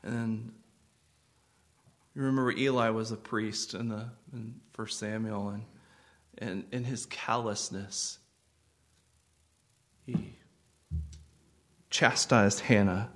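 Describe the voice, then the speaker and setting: A man preaching a sermon as pastor, earnest and gentle, with sudden swells of intensity. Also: lowish voice, fairly even intonation, slow pace, pauses often.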